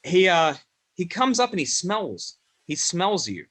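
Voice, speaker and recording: Animated man narrating as game master. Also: sits high, no room sound. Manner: descriptive, halting with fillers.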